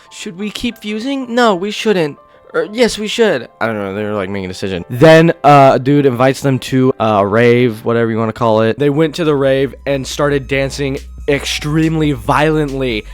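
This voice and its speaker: A man's voice: medium pitch, clear, resonant tone. A man doing a casual commentary vlog about a cartoon, talking in a crude, sarcastic, rambling way with lots of swearing. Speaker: commentary YouTuber.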